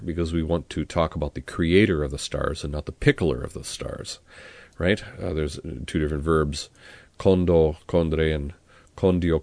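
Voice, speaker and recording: A man teaching about a Latin hymn, talking it through in a relaxed way and singing the plainsong verses. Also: extremely low pitch, dry recording. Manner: relaxed explanatory talk with fillers. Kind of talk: spoken explanation and sung Latin hymn.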